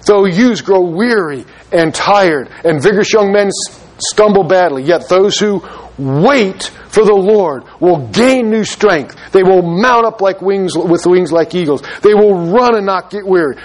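A man preaching a sermon as pastor of his church, urgent and slowing down for emphasis. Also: high voice.

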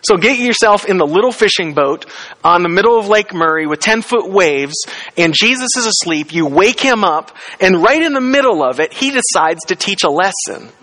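A man's voice: animated, normal speed, bright, forceful tone. A man preaching a sermon in a conversational way, often asking the listeners questions and acting out quoted lines. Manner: conversational, asks the congregation questions; acts out quoted lines with rising pitch. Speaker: pastor.

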